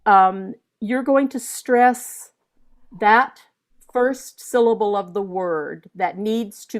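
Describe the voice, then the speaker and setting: An older woman leads a singing masterclass at an unhurried pace, stretching out single syllables to demonstrate stress. She speaks at a mid pitch, with a patient, methodical delivery. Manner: deliberate, spells out French words syllable by syllable. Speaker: voice coach. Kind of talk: masterclass teaching.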